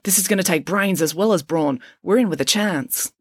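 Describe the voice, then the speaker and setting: A woman doing a brisk, logical schoolgirl. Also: on the low side, no echo, studio quality, lightly acted. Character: clever, matter-of-fact schoolgirl detective.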